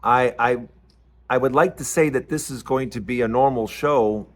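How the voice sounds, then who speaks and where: A man's voice: medium pitch, normal speed. A man hosting his own show in an angry, sarcastic political rant, sometimes mocking others in put-on voices. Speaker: host.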